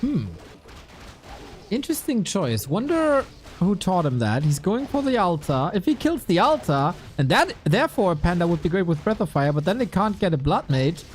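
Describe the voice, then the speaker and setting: A man giving playful live commentary on a strategy game match, with quick asides. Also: high voice, sing-song, a little hiss or hum. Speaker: esports commentator.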